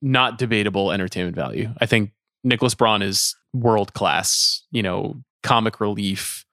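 A man's voice: on the low side, moderate pace, a bit bright, no room sound, studio quality. A man co-hosting a podcast, talking casually with wry, thoughtful asides. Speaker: podcast co-host. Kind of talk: casual chat about a TV episode.

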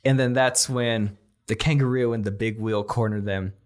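A young man telling a comedic movie pitch on a podcast, laughing often and acting out the characters' lines. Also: steady tone, normal speed. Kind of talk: casual comedic storytelling.

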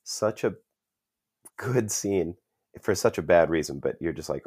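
A man's voice: low-pitched, animated, a little slow, darkish tone, slightly rough, no room sound, studio quality. A young man co-hosting a podcast, chatting casually and enthusiastically and acting out quotes. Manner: enthusiastic, acts out quotes, says "dude". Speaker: podcast co-host. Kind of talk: casual chat.

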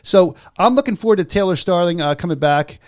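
A man co-hosting a sports talk show from a studio, joking and teasing his co-host in fast, casual banter. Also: sits high, lively intonation, darkish tone, no echo. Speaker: podcast co-host.

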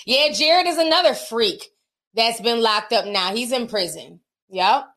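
A woman hosts a relaxed livestream, reading super chats from viewers, chatting openly, laughing a lot and slipping in slangy comments. Her voice is a little high and a bit bright, expressive, with a measured pace.

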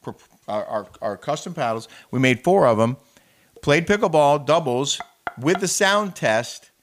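A man's voice: on the high side, expressive, measured pace, slight background noise. A man co-hosting a casual talk show, telling a story with building indignation. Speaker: show co-host. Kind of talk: casual chat.

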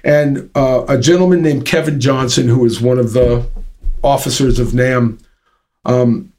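A man's voice: mid-range voice, fairly even intonation, measured pace, a little mellow. Chatty man spinning a long anecdote. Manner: rambling anecdote with lots of fillers and restarts. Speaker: interview guest, drum company founder. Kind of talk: casual storytelling.

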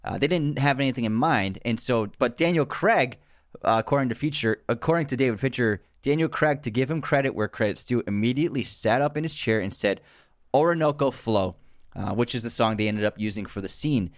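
A man co-hosting a casual podcast, reading out film trivia in long relaxed stretches and laughing easily between facts. His voice sits at an ordinary middle pitch, recorded close and dry with no room sound. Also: a little fast, no room sound. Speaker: podcast co-host.

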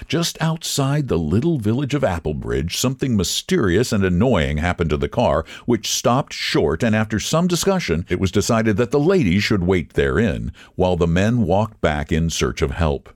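A man who hosts a podcast, reading a literary story aloud in an expressive, measured storytelling manner. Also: low voice, no echo, clean studio sound. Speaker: podcast host and story reader.

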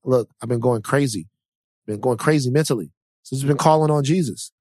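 A man's voice: medium pitch, fairly quick, a little mellow, dry recording. Earnest man in a dry room. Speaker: podcast co-host. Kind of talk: casual political chat.

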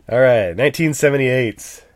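A man's voice: mid-range voice, unhurried, no echo. A man co-hosting a movie podcast in casual chat, sounding stuffed up, joking and rambling with fillers. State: stuffed-up nose. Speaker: podcast co-host.

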